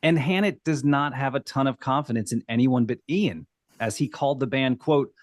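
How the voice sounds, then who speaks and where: A man's voice: mid-range voice, moderate pace, dry recording, clean studio sound. A man co-hosting a podcast, recounting a band's history from his notes in a storytelling way over casual chat. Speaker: podcast co-host.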